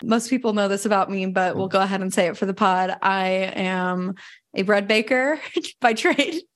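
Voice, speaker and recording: A woman's voice: medium pitch, normal speed. A young adult woman hosting a casual podcast chat, talking loosely with lots of fillers and frequent laughs. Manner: chatty, laughs often, many fillers. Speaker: podcast host. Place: home in Denver.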